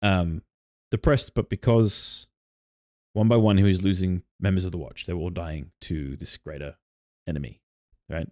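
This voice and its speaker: Brief: male podcast co-host, very low voice, rambling, dry close mic. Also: fairly even intonation, normal speed, warm tone, no room sound. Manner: rambling storyteller with many "like" fillers and restarts. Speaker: podcast co-host and game master. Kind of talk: casual chat about tabletop campaigns.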